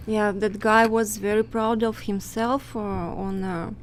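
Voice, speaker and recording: A woman guest talking slowly and haltingly, pausing often as she searches for words in imperfect English. She speaks at an unhurried pace, with a faint hiss of noise behind her. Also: mid-range voice, steady tone. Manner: halting, hesitant non-native English. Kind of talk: casual conversation.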